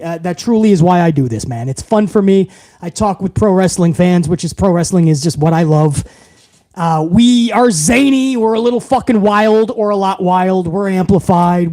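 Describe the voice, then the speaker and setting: A man's voice: sits high, warm tone. A man hosting a wrestling livestream, thanking viewers in a hyped, profane, rambling way. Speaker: host.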